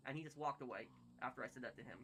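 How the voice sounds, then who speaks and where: Fast, bright-voiced rambling man. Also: mid-range voice, gravelly, a little hiss or hum. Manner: rambling, many fillers and restarts. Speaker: gaming streamer. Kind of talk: casual storytelling while gaming.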